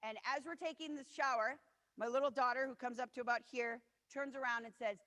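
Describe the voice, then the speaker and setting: In a long, reverberant hall, a woman in her forties gives a motivational keynote built on personal stories, told earnestly with quotes of others acted out. Her fairly bright, higher-leaning voice moves briskly with fairly even intonation.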